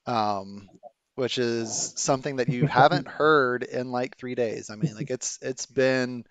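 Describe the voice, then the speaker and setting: A man's voice: medium pitch, measured pace, dry recording. A man narrating as game master of a tabletop game, with many fillers and restarts.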